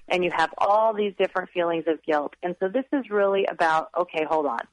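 A woman's voice: on the low side, animated, a little fast, few pauses, no echo, rough recording. A woman author, a guest on a radio interview, earnestly giving upbeat parenting advice.

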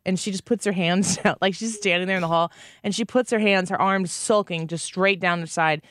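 A woman's voice: mid-range voice, normal speed, dry recording, clean studio sound. A woman in her thirties co-hosting a casual chat show, telling playful stories and laughing often. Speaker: podcast co-host.

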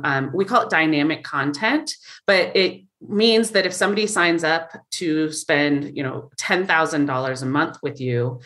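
A woman's voice: low-pitched, a bit bright. A woman guest in a casual interview, explaining things thoughtfully with frequent fillers. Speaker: marketing guest.

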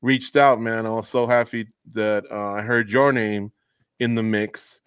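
A man's voice: fairly low pitch, fairly even intonation, measured pace, fairly bright tone, smooth, no room sound. A man hosting a podcast, chatting in a friendly, easygoing way with a guest. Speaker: podcast host. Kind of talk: casual interview chat.

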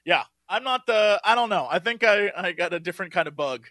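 A man's voice: sits high, a little fast, no echo, clean studio sound. A man co-hosting a podcast, chatting casually and acting out voices in his anecdotes. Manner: expressive, acts out voices in anecdotes. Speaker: podcast co-host. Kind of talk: casual chat.

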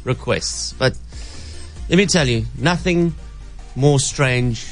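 A radio host speaks very slowly, teasing out the setup, pitch slightly high. Faint music plays behind him. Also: male voice. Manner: slow, teasing build-up.

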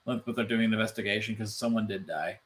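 A man co-hosting a casual podcast chat, animated and loose, full of "like" fillers and swearing. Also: fairly low pitch, fast talker, a little hiss or hum. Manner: animated, swearing, many "like" fillers, mimics voices. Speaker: podcast co-host.

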